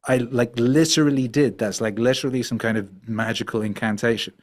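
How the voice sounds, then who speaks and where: Middle-aged man, podcast guest, mid-pitched voice, animated, rambling storyteller. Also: fairly quick. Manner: animated, rambling, many fillers and restarts. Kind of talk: storytelling conversation.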